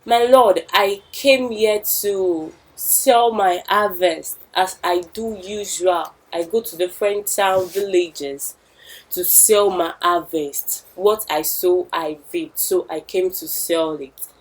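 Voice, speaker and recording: A man's voice: high-pitched, slow, poor audio. A woman doing an earnest farmer father. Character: humble middle-aged village farmer father.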